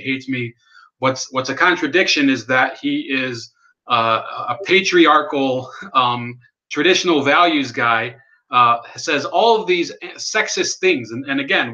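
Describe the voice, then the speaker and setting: A man's voice: medium pitch, bright, forceful tone. Guy ranting on his livestream, sarcastic, swears a lot, kinda muffled lo-fi audio. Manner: rambling, sardonic, swears, reads chat aloud. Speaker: livestream host. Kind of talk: casual political livestream commentary.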